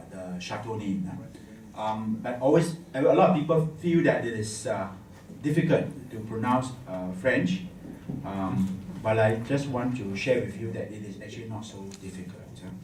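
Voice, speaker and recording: A lowish, slightly mellow male voice talks through a live wine masterclass, tossing "huh?" onto his jokey, teacherly lines. The setting is a hotel function room whose echo fills the distant recording, along with a little hiss or hum.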